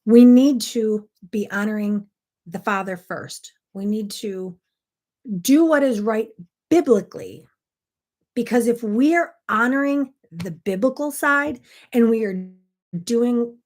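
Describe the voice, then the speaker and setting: A woman's voice: fairly high pitch, expressive. A middle-aged woman hosting a morning devotional video, talking earnestly and directly to the camera in a casual style. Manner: earnest and direct, acts out quoted spouses in quick little voices. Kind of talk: casual faith talk to camera.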